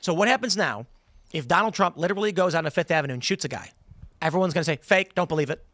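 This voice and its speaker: A man's voice: a little high, expressive, quick pace, fairly bright tone. A male podcast host in a casual panel discussion, telling rambling stories and acting out quotes in different voices. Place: studio.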